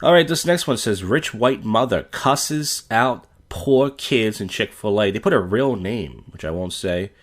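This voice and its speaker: A man's voice: on the low side, lively intonation, unhurried, hardly any pauses. A man hosting a podcast, giving blunt, profane commentary on viral clips. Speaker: podcast host.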